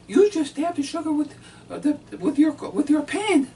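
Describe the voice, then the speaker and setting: Scolding woman, shrill and slow, put on by a man; distant mic, some room noise. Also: very animated, heavily acted. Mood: exasperated. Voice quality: shrill and loud. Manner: slow, clipped nagging delivery. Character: scolding adult woman, sharp and exasperated.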